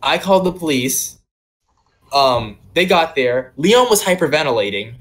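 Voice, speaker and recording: A young man tells a long story from his own life to friends on a casual podcast. His voice sits a bit high for a man, and he rambles along with plenty of "like" and "um" fillers. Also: big pitch swings, unhurried, fairly bright tone. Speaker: podcast co-host.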